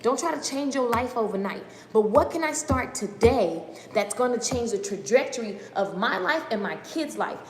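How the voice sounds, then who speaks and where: Speaking far too quickly, a woman with a high voice delivers an excited, casual, slang-filled rant on a motivational live stream, hammering her points by saying them repeatedly. The recording is made on a phone in her home kitchen, and the hard room gives her voice a long, echoey ring.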